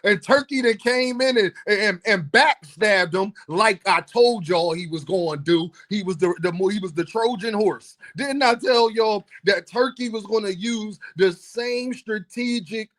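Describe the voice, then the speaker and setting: A man's voice: high voice, unhurried, few pauses, a bit bright. A man hosting a casual boxing commentary vlog, playful and teasing, laughing often and talking straight to his viewers.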